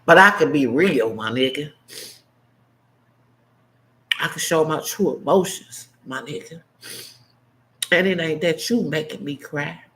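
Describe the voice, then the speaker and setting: A man in his fifties speaks straight to camera in an unscripted monologue. His voice sits a bit higher than most men's. He is blunt and impassioned, flaring into heated outbursts, then dropping to hushed, choked-up asides. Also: measured pace, pauses often, rough recording. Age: 50s. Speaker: vlogger.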